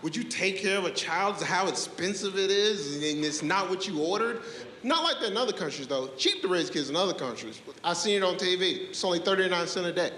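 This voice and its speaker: A man's voice: high-pitched, expressive, a little fast. A male stand-up comedian doing a set to a live audience. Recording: echoey hall with background noise.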